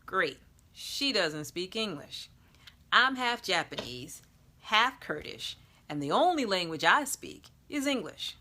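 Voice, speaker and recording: A man's voice: sits high, very animated, takes it slowly, bright, forceful tone, full character voice. A woman voicing a flustered, eager young man who stammers and blurts out questions.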